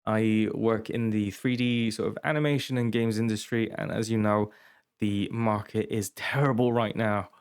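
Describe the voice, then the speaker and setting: A man's voice: on the low side, steady tone, normal speed, clean tone. A young man hosting a podcast, telling wry, digressive stories in a casual monologue. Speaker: podcast host.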